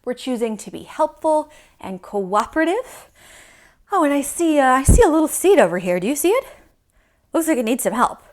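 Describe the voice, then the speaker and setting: A woman from Michigan teaching yoga to young children, playful and animated as she talks to small kids. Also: high-pitched, moderate pace.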